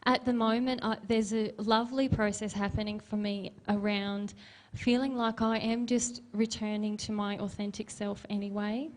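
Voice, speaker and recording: A woman's voice: mid-range voice, level tone, moderate pace. A woman co-presenting a Q&A session, speaking openly and reflectively about her own experience. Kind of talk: personal sharing in a Q&A.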